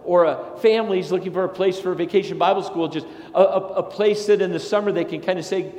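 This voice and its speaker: A man, a pastor, delivering a sermon in a chatty, anecdotal way with lively asides. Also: sits high, fast. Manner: conversational and anecdotal, with animated asides. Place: large church sanctuary. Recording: echoey sanctuary with long reverb.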